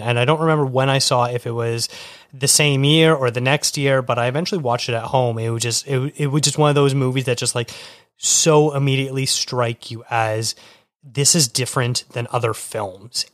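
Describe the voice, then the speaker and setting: A man's voice: mid-range voice, dry recording. Thoughtful male podcast co-host, dry sound. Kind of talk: casual chat.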